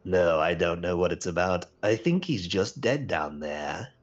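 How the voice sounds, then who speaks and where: A man voicing a dismissive minor character in an offhand, flat way. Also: sits low, measured pace, muffled recording, pitched below the performer's own voice.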